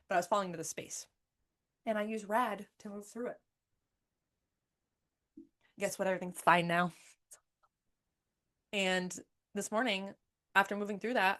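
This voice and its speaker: Woman host, 30s, candid monologue, emphatic and profane, mid-range voice. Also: medium pitch. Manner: emphatic, swears freely, repeats phrases. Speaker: podcast host and coach.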